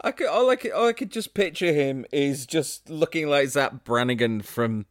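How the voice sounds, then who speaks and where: A man's voice: fairly high pitch, expressive, moderate pace, no room sound, studio quality. A man hosting a podcast in a casual interview chat, joking and laughing easily. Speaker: podcast host.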